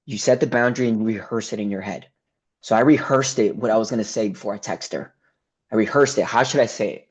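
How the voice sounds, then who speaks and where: A man's voice: mid-range voice, darkish tone. A man coaching a group on a call, telling a personal story bluntly, swearing often and growing heated as he recounts a conflict. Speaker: men's mental health coach. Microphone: video call. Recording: slightly dull, lo-fi call audio.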